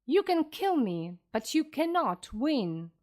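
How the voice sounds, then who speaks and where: A woman's voice: on the high side, lively intonation, slow pace. A woman reading as a fierce old sea captain. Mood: defiant. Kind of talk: storybook reading.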